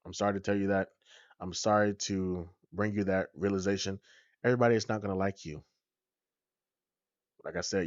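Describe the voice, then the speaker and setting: Low-voiced man giving a motivational talk. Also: dry recording, muffled recording. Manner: preachy, repeats points, addresses listeners as "y'all". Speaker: podcast host. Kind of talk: motivational podcast monologue.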